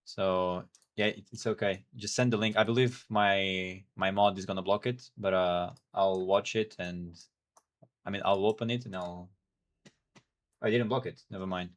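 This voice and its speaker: A man whose first language is Portuguese, chatting casually and haltingly while streaming a game and thinking aloud. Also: deep voice, steady tone. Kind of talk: casual gameplay stream chat.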